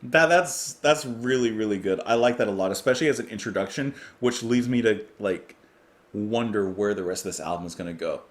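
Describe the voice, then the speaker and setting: A man hosting a music reaction video, talking casually and with excitement, and laughing often. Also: fairly low pitch, a little fast.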